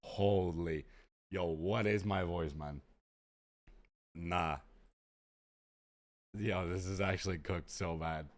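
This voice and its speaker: A man streaming a game live, sick, with an unusually deep and rough voice, chatting in slangy, exasperated asides to his viewers. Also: fairly even intonation, slow pace, long pauses. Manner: slangy, exasperated, talks straight to chat. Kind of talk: casual live-stream chat.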